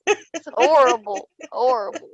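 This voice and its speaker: A woman co-hosting a casual podcast chat, animated and laughing often, with restarts as she thinks aloud. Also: high-pitched, measured pace, slightly rough, dry recording, highs cut off. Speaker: podcast co-host.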